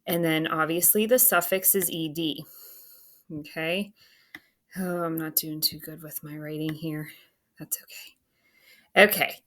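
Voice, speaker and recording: A woman's voice: deep voice, fairly even intonation, a little slow, a bit bright. A woman teacher walking through a phonics worksheet, patiently spelling out words letter by letter while she writes on a screen. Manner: self-talk while writing on screen. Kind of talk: phonics lesson walkthrough.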